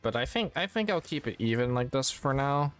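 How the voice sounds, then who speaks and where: A man's voice: medium pitch, animated, brisk, faint music behind. A man streaming a game, chatting casually and rambling, often correcting his own words. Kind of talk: casual gameplay chat.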